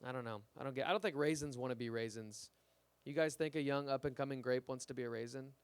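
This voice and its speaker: A man's voice: mid-range voice, fast talker, smooth, no room sound. A young man doing a rambling, self-deprecating stand-up comedy set in a small club. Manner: self-deprecating, rambling, acts out little quoted voices. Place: small live music club with audience.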